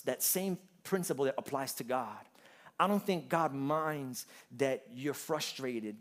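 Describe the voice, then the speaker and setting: A man preaching a sermon, moving from quiet, humorous storytelling to loud, rising preaching. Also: mid-range voice. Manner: humorous, conversational asides. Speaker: pastor.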